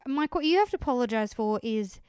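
Precise woman, clear dry voice. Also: fairly high pitch, lively intonation, a little fast, a little mellow, no room sound. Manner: explains carefully, correcting details. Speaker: podcast co-host. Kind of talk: casual chat recapping a TV show.

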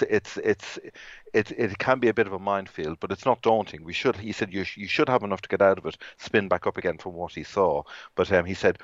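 Low-voiced man rambling about football. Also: no room sound, muffled recording. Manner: rambling, frequent restarts and fillers. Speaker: football podcast co-host. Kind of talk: casual football chat.

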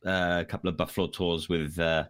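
A man's voice: deep voice, level tone, a little fast, a bit bright, clear, resonant tone, no echo, studio quality. A man, a musician guest, chatting easily about gigs and festivals. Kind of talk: casual chat.

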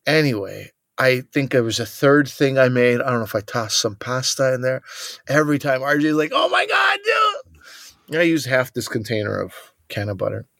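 A man's voice: mid-range voice, brisk, gravelly, a bit bright, no echo, clean studio sound. A man co-hosting a podcast, telling a comic story in a casual chat and acting out other people's lines. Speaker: podcast co-host.

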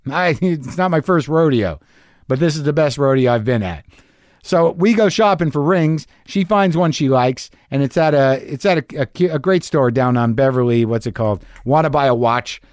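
A man's voice: on the high side, dry recording, studio quality. Rambling, profane middle-aged male podcast host. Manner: rambling, profane, self-mocking storytelling. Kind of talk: casual monologue.

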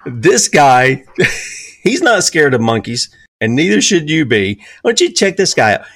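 A man's voice: on the high side, big pitch swings, measured pace, fairly bright tone, no room sound, clean studio sound. A man in his fifties with a Southern US accent hosting an opinionated talk radio show, asking rhetorical questions and pushing his voice up on key points. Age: 50s.

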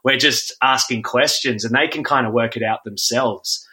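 A man's voice: medium pitch, normal speed. A man, a guest facilitator talking loosely in a casual podcast chat with many ums. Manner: relaxed, loose, often says 'um'. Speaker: guest, men's group facilitator.

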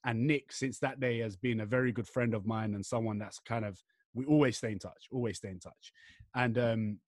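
A man's voice: medium pitch, fairly even intonation, normal speed, darkish tone, dry recording, clean studio sound. A young English man hosting a podcast, chatting casually in a rambling, slangy way with his friend. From England. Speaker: podcast host. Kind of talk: casual chat.

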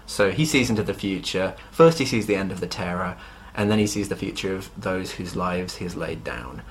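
A man's voice: low voice, animated, a little fast, slight background noise. A man co-hosting a book podcast, playful and joking in casual chat. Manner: playful, jokey. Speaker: podcast co-host.

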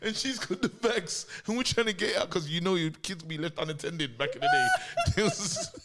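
A man's voice: sits high, moderate pace, very noisy. A man, co-hosting a casual podcast, tells a childhood story with lots of laughter and acted-out quotes. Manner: animated, laughs often, acts out quotes. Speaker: podcast co-host.

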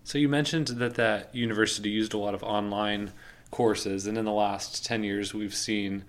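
A man interviewing a guest, murmuring as he listens, then asking measured questions. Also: on the low side, steady tone.

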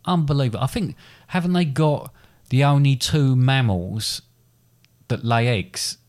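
A man's voice: mid-range voice, unhurried, a little mellow. Rambling self-deprecating man. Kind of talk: casual chat.

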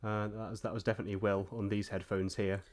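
A man's voice: fairly low pitch, little pitch movement, fast. A man hosting a comedy podcast, teasing his co-hosts with mock exasperation and frequent stammering restarts. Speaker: podcast host. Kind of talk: casual comedic chat.

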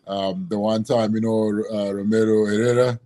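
A man talking casually as a podcast guest, relaxed, laughing often and leaning on "you know" fillers. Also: on the low side, normal speed. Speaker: guest, former rugby prop.

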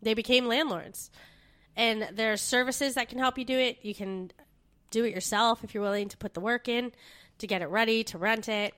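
Bright, giggly woman co-host. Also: on the high side, steady tone, normal speed. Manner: giggly, agreeable. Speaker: podcast co-host. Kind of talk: casual chat.

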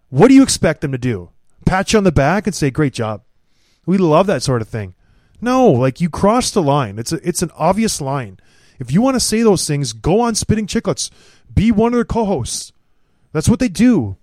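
A man hosting a casual podcast, blunt and opinionated, who slips into sarcastic mockery. His voice sits fairly high for a man. The sound is dry and close, with no room tone. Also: a little mellow, no room sound. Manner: blunt, opinionated, mocking ranter. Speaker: podcast co-host. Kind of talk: casual hockey podcast chat.

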